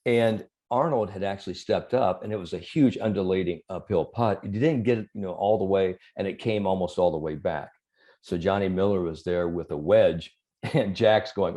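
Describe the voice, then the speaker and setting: Low, mellow-voiced man telling stories. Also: moderate pace. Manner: animated storyteller, chuckles through anecdotes. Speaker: sports psychologist guest. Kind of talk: conversational interview storytelling.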